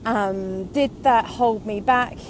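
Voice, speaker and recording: A woman's voice: medium pitch, slow, a little hiss or hum. A woman in her thirties, a vlogger talking candidly and going off on tangents while she walks, a little out of breath. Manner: candid, rambling, goes off on tangents. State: slightly out of breath from walking. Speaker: online business vlogger. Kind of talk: casual reflective monologue. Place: outdoors, walking.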